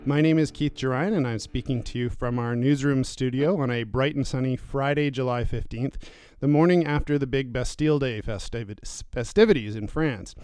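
A man hosts a political podcast from a newsroom studio, speaking at a middling pitch. His delivery is lively, with jokey asides as he brings in guests. The sound is close and dry. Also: moderate pace, smooth, no echo. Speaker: podcast host.

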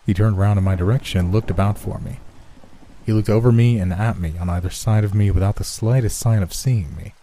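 A man reading a horror story as scripted first-person narration in a measured, steady way. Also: fairly low pitch.

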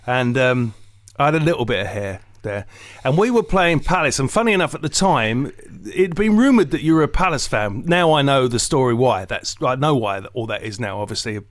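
An English comedian co-hosting a podcast speaks at a medium pitch and a little fast, in a dry, studio-quality recording. He's animated and jokey, telling rambling, digressive comic stories in casual chat, swearing and acting out voices.

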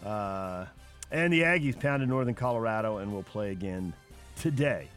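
A man hosting a sports radio show, briskly running through scores and handing off to his co-host. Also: fairly low pitch, lively intonation, fairly bright tone, faint music behind. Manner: brisk, reads scores then asks co-host.

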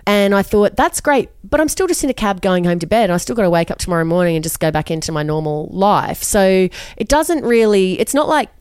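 A woman's voice: medium pitch, expressive, fast talker, few pauses, a little mellow, clear, resonant tone, no room sound, studio quality. A middle-aged woman, a journalist guest, talking frankly and bluntly in an interview, often restarting her sentences. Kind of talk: candid interview conversation.

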